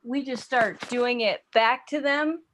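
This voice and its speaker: A young woman performs stand-up online with a slightly high voice and a playful, storytelling manner. She drifts into silly accents as she riffs, heard through a video-call mic. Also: takes it slowly, a bit bright, a little hiss or hum. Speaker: stand-up comedian. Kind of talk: stand-up set. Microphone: computer mic on a video call.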